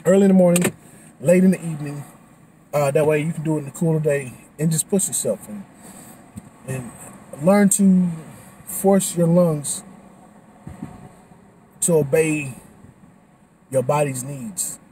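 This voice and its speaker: A man talking casually after a boxing class, animated and slangy, full of restarts, a little out of breath. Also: on the high side, unhurried, pauses often, a little hiss or hum, low-quality recording. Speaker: vlogger. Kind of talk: casual vlog talk.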